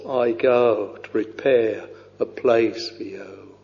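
A man preaching a sermon, reading scripture in a slow, halting way with many pauses and fillers, dropping to a hushed voice on quoted verses. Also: on the low side, steady tone, gravelly. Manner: slow, halting delivery with frequent uh and you know. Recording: dull lo-fi recording with long hall reverb.

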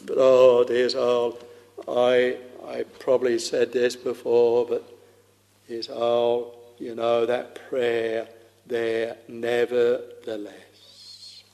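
A man preaches with old-style fervor, calling his listeners "dear soul" and sometimes swelling into a half-sung chant, though his medium-pitched, slightly mellow voice stays completely flat and slow. Long hall reverb surrounds him.

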